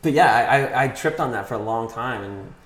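A man's voice: medium pitch, lively intonation, fairly quick, reverberant. A man hosting a casual podcast chat, laid-back and hesitant, with lots of fillers. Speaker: podcast host.

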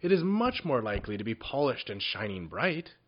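A man voicing a plucky, fat little male goblin who gets excited and argues back, in a storybook reading. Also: mid-range voice, brisk, husky, muffled recording. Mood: eager.

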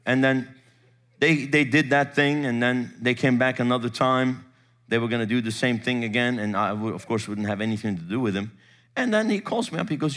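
A male pastor telling a story from the pulpit, acting out the dialogue in an animated way. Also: medium pitch, a little fast. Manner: animated, acts out quoted dialogue. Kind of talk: sermon storytelling.

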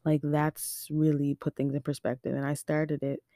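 A young woman from Nova Scotia hosting a podcast, telling a personal story in a chatty, animated way, filled with "like" and acted-out quotes. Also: deep voice, moderate pace, no echo, studio quality. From Nova Scotia, Canada. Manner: chatty and animated, heavy use of "like", acts out quotes. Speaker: podcast host. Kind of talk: casual storytelling monologue.

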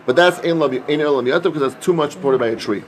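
Fast sing-song Talmud study leader. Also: male voice, a little high. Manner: quick sing-song chanting mixed with plain explanation. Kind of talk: casual Talmud study session.

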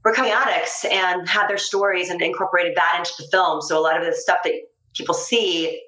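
A woman's voice: fairly low pitch, steady tone, a little fast, bright, forceful tone. A woman, an actress being interviewed, chatting casually and laughing often. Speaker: actress guest. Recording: roomy echo.

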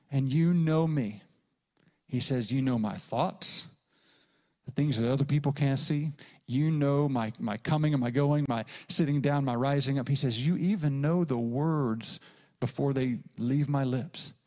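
A man's voice: fairly high pitch, a little mellow. A middle-aged man preaching a sermon as a pastor, driving his points home with repeated phrases and acting out quoted lines. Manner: preaching with emphatic repetition and dramatic quoted asides.

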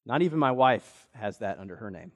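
A man's voice: lowish voice, fairly quick, highs cut off. A male pastor preaching a sermon, telling a personal story in an earnest way. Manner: earnest storytelling, quotes others in lively voices. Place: church sanctuary. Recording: long church reverb.

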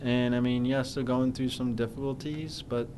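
A man co-hosting a casual sports chat, talking in halting restarts and giving blunt opinions. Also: medium pitch, fairly even intonation, a little mellow, clear, resonant tone.

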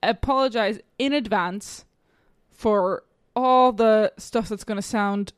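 A woman's voice: medium pitch, slow, clean tone, no room sound, clean studio sound. Chatty, laughing woman podcast host. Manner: chatty, self-deprecating, laughs often. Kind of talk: casual chat.

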